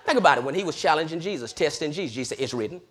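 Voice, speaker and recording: A man preaching a sermon, swinging between loud hollering and low murmurs and laughing often. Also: animated, very fast, breathy edge.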